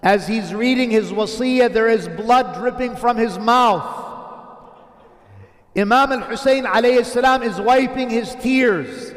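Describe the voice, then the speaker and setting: A male preacher with a strikingly high voice tells a sermon as a story, full of feeling, slipping into chanted Arabic phrases. His voice rings through a large space with a long, trailing reverb. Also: a little slow.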